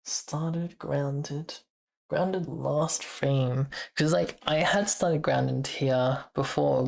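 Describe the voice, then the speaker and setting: A woman with a strikingly low voice chats with her stream while she codes, in an unhurried, drawn-out way. She thinks out loud, trails off and starts over, and chuckles now and then. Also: vocal fry. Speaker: streamer and software developer. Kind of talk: casual live-coding stream chat.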